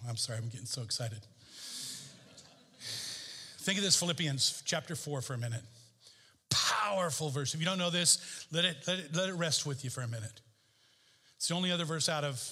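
A man preaching a sermon as pastor, emphatic and repeating key phrases, his pitch swinging up and down. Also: a little fast, pauses often, pushed and bright, husky, big-room sound. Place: church sanctuary.

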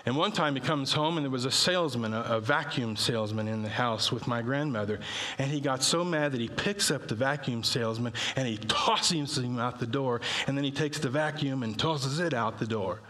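Bright-voiced preacher in a hall. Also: male voice, mid-range voice, normal speed. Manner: folksy storytelling with rising emphatic peaks. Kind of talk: sermon.

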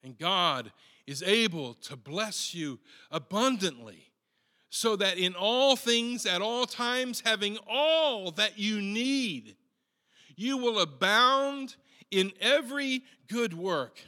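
A man preaching a sermon in an earnest, unhurried way, often restarting and repeating words as he goes. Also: sits high, lively intonation, sharp tone, big-room sound.

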